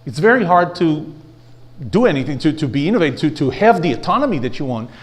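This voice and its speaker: A fast-talking man with a fairly high pitch delivers a blunt, animated leadership lecture to a live audience. He poses rhetorical questions and gets the crowd to repeat phrases back to him.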